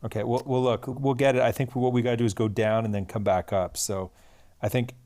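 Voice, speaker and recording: A tired man, chatting casually with a friend while they solve a crossword together, quick to laugh at his own jokes. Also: medium pitch, steady tone, mellow. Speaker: podcast co-host. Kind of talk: casual chat solving a crossword. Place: Kathmandu.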